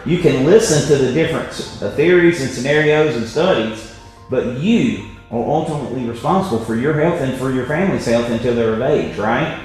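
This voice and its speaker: A man presenting a health webinar, telling stories emphatically and tagging his points with "right?". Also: medium pitch. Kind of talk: motivational health talk. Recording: very echoey room, faint music.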